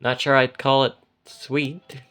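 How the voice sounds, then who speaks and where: A man voicing a quiet, reserved traveler who answers in short, understated lines. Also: mid-range voice, flat delivery, slow pace, voice pushed up.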